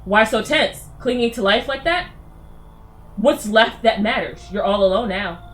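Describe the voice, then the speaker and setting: A woman voicing an ominous stranger who calmly foretells death, cold and cryptic. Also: on the high side, unhurried, natural voice. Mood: menacing. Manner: calm, menacing and cryptic.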